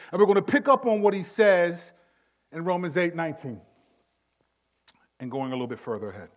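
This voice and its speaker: A male pastor preaching a sermon in a conversational way, with asides to his listeners, his voice swinging from loud emphasis to hushed tones. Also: high-pitched.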